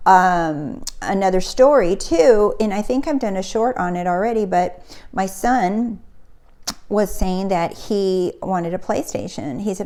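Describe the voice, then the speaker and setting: A woman's voice: medium pitch, measured pace, darkish tone. A middle-aged woman, a spiritual coach, telling a personal story in a casual motivational talk and acting out the quotes.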